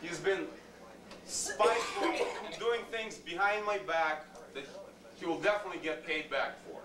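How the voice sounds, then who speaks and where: At a public board meeting held in an indoor meeting room, a man rants angrily, hurling insults and demands. His voice is a little high and unhurried, heard over a noisy crowd and picked up from far off in an echoey room with faint noise.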